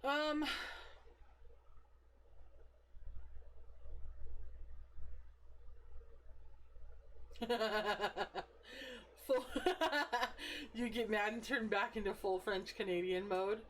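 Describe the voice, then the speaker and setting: A woman's voice: fairly high pitch, fairly even intonation, slow pace, a bit bright, slight background noise. A woman in her thirties, a live streamer chatting casually and rambling, swearing freely and laughing often as she answers her chat. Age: 30s.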